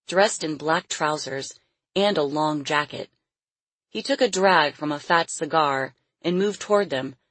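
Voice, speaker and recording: A woman narrates a storybook in a low, husky voice, measured and expressive. Her voice sounds close and dry, with no room around it. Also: dry recording. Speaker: audiobook narrator.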